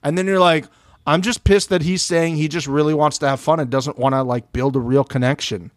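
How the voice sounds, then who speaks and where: A man's voice: on the high side, a little fast, dry recording, clean studio sound. A man co-hosting a podcast in casual, profane chat, often quoting other people as he talks. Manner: animated, profane, quotes others. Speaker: podcast co-host.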